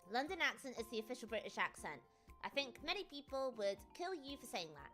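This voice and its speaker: A woman from the UK streaming casually, answering viewer questions in an excitable, giggly, rambling way. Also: high voice, a little fast, soft background music. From United Kingdom. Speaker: VTuber streamer.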